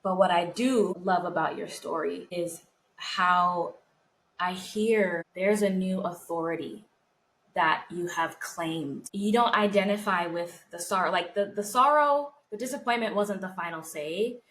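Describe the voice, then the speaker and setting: A woman co-hosting a podcast, her voice sitting a little low as she talks. She sounds reflective and earnest, and she slows down on the words she wants to land. A faint hiss of noise sits under her voice. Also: a bit bright, low-quality recording. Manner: heartfelt, reflective, speaks of faith. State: close to tears. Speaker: podcast co-host. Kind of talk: casual podcast conversation.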